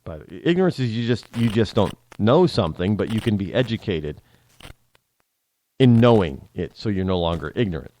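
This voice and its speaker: A man's voice: on the low side, moderate pace. A man hosting a talk show, delivering a rambling casual monologue with lots of restarts and repetition. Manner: animated, rambling, repeats himself and spells out names.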